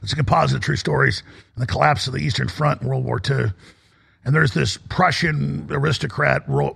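A man hosting a talk radio show, delivering an intense rant that swings from a low growl to high shouting. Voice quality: gravelly, husky. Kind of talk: ranting talk radio monologue.

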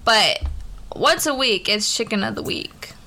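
A woman's voice: medium pitch, very animated, measured pace, creaky, sharp tone. A woman co-hosting a podcast, laid-back and giggly as she chats and tells a story. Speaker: podcast co-host. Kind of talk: casual chat and storytelling.

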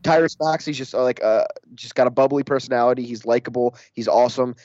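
A man's voice: mid-range voice, fast talker, a little mellow, no echo. Rambling man on dull, dry lo-fi audio. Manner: rambling, heavy use of filler words. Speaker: podcast co-host. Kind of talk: casual sports chat.

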